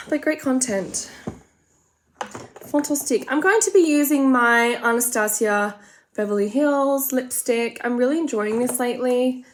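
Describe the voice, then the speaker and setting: A woman's voice: on the high side, measured pace, a little hiss or hum. An Australian woman chatting casually and rambling through a makeup tutorial, full of gossipy asides. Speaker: makeup vlogger.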